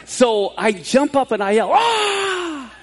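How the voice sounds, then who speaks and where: High, gravelly man preaching. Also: normal speed. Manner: conversational, rising to excited laughter when storytelling. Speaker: pastor. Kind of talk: sermon with personal storytelling.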